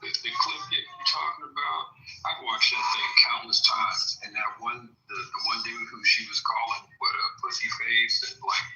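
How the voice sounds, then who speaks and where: A man's voice: medium pitch, normal speed, vocal fry, sharp tone. A man in a casual podcast chat, talking emphatically and slangily. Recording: distant, dull, echoey.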